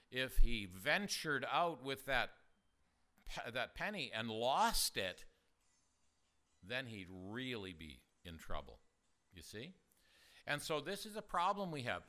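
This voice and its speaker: A man's voice: medium pitch, bright, forceful tone. An older man preaching a sermon in a conversational, storytelling way, asking his listeners rhetorical questions.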